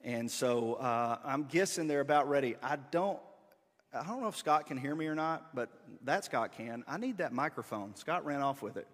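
A pastor giving a relaxed, conversational sermon with asides to his congregation. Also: mid-range voice, moderate pace. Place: church sanctuary. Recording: long hall reverb.

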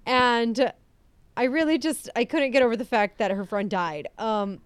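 A young woman co-hosting a podcast, chatting casually and getting excited, laughing often. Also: a little high, moderate pace, clear, resonant tone, no echo. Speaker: podcast co-host. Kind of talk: casual chat.

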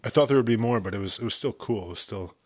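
A man's voice: fairly low pitch, racing, fairly bright tone. A young man hosting a solo podcast, rambling and joking about himself. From United States. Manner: joking, rambling, self-deprecating. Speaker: podcast host.

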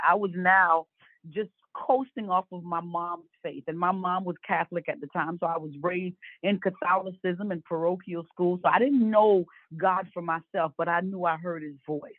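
A woman's voice: lowish voice, no echo. Woman in her fifties on a tinny line. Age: 50s. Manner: earnest storytelling, acts out quoted voices. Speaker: guest. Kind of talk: personal faith testimony. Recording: dry, tinny phone-like line.

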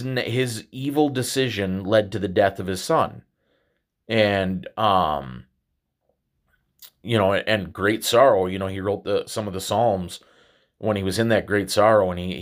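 A man with a somewhat low voice delivers a reflective religious monologue as a podcast host. He talks haltingly, often repeating words and restarting his sentences.

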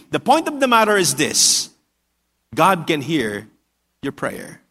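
A man preaching a sermon with earnest repetition, often dropping low and soft for emphasis. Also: wildly swooping pitch, takes it slowly, pauses often. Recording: long hall reverb.

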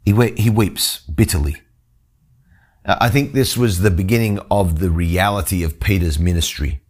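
His voice sits low and has a darkish tone as he speaks at normal speed. After reading a scripture passage, this Bible teacher explains it earnestly, often stopping to restart a sentence.

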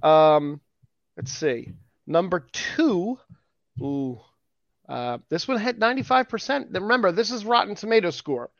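A man's voice: sits high, animated, measured pace, fairly bright tone, no echo. A man co-hosting a casual geek news podcast, reading out rankings and joking with his co-host. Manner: jokey, reads out rankings and news items. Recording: dull lo-fi sound.

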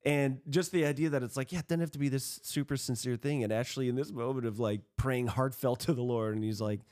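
A man of middle pitch hosting a podcast, talking loosely and at length. He rambles from one thought to the next and laughs easily. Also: fairly even intonation, darkish tone. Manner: chatty, rambling, quick to laugh. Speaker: podcast host. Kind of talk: casual chat.

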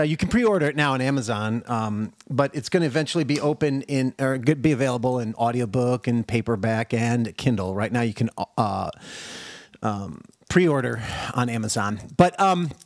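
A man's voice: mid-range voice, no echo. A man on a video call, a novelist guest chatting casually and jokingly in a podcast interview. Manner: friendly, joking, animated.

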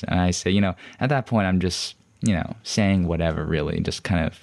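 Deep-voiced young man telling a story. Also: brisk, vocal fry, darkish tone. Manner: rambling, many fillers and restarts; frustrated, defensive. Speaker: podcast host. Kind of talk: personal storytelling monologue.

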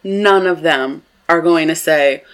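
A woman's voice: deep voice, takes it slowly, a little hiss or hum. A young woman co-hosting a comedy podcast, blunt and laughing, reading listener questions. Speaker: podcast co-host. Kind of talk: casual comedic chat.

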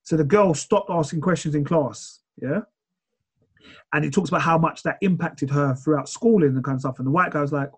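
A man chatting casually on a podcast, retelling a show in a rambling, animated way. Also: a little high, a little fast, husky.

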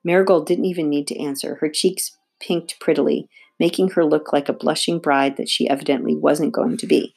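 A woman reading a children's novel aloud with steady, expressive narration. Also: low voice, fairly quick, vocal fry, hardly any pauses, breathy edge. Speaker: audiobook reader. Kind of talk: read-aloud storybook narration.

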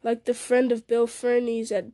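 An eager, loyal male hobbit speaks with urgency, voiced by a woman reading aloud. The voice is mellow and somewhat high, in a close, dry recording. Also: completely flat delivery, normal speed, no room sound, close to an everyday voice.

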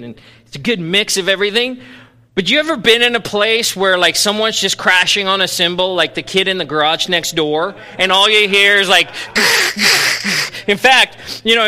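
Animated male pastor preaching in a reverberant hall. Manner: animated, swings from loud playful bursts to low intense tones. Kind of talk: sermon. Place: church sanctuary.

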